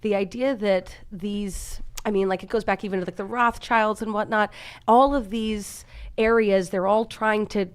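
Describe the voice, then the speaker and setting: A woman's voice: medium pitch, moderate pace, clear, resonant tone. Emphatic, storytelling podcast woman. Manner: storytelling, excited and emphatic, swears freely. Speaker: podcast co-host. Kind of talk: casual podcast chat.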